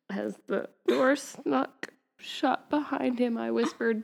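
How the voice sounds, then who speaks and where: A woman's voice: on the high side, takes it slowly, gravelly, darkish tone. A woman co-hosting a podcast, reading fan fiction aloud and often breaking into laughter and wry asides. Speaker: podcast co-host.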